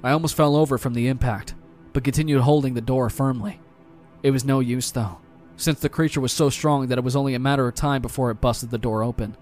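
A man's voice: mid-range voice, steady tone, a little fast, a little mellow, faint music behind. A man narrating a first-person horror story in a tense, dramatic way.

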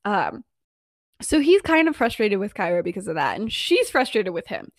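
A young woman podcast co-host casually retelling a story in a chatty way, full of fillers and quick laughs. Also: medium pitch, big pitch swings, vocal fry, dry recording, clean studio sound.

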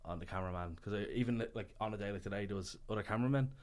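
A man with a low voice talks quickly through a relaxed conversation about his filmmaking. He rambles and restarts sentences, filling gaps with "like" and "you know". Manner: fast, rambling, lots of fillers and restarts. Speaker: filmmaker guest. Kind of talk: casual podcast conversation.

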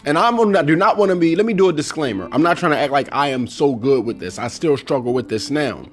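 Middle-aged guy doing a chill solo podcast, kinda high voice, soft music behind. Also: fast talker. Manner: animated, quotes movie lines in put-on voices. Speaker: podcast host. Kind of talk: casual solo podcast talk.

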